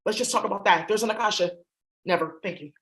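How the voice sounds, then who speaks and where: A woman's voice: mid-range voice, quick pace, a bit bright, low-quality recording. A woman giving a spiritual reading in a blunt, profane, rambling monologue. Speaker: astrology reader.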